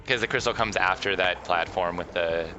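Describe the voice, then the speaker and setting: A man's voice: sits low, moderate pace, muffled recording. A man co-hosting a gaming video in casual chat, hesitant and often searching for words. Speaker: co-host playing the game. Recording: game music playing behind.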